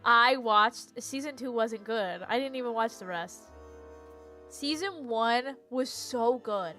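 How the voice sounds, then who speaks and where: This young woman's fairly high voice has a sharp tone, and she takes her time over soft background music. Casual and animated, she rants about TV shows on her live stream, laughing and fumbling her words.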